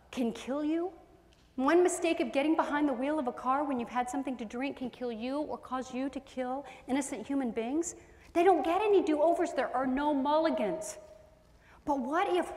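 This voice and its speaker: A woman with a high voice delivers a parenting talk to a live audience, animated and expressive, slipping into voices of parents and children. The sound is roomy, with a long reverb tail from a large hall. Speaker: parenting speaker.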